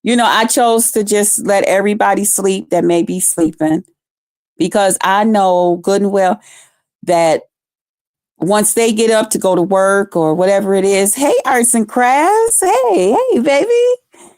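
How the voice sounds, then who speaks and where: A woman hosting a live stream, ranting in a blunt, profane, mocking way with drawn-out emphasis. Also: mid-range voice, steady tone, a little mellow, no room sound, clean studio sound.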